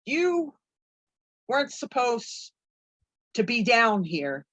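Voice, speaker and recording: A woman's voice: fairly high pitch, big pitch swings, takes it slowly, fairly bright tone, no echo, heavily acted. Woman voicing a smug bear crime boss. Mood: smug threat. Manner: smug, threatening.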